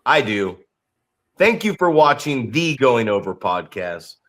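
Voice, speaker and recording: A man's voice: mid-range voice, measured pace. A man co-hosting a podcast in a casual, joking, profane way. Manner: animated, profane, jokey. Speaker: podcast co-host.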